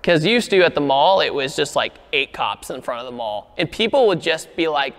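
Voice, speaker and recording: A man telling a car story in a casual, animated way, acting out the quoted lines. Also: brisk, hardly any pauses, big-room sound. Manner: animated, acts out quoted lines with rising pitch.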